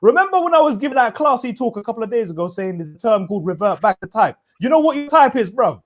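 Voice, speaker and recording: Very high, lively man trash-talking. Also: quick pace. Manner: loud, swearing, talks over others. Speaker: football fan panelist. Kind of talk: heated football fan chat.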